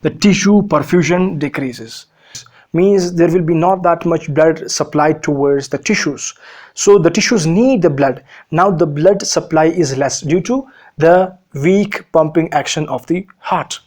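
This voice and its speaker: Male medical lecturer with a fairly high voice, explains step by step, poses questions and answers them himself. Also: measured pace, darkish tone. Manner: frequent fillers and repetitions. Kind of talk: recorded physiology lecture.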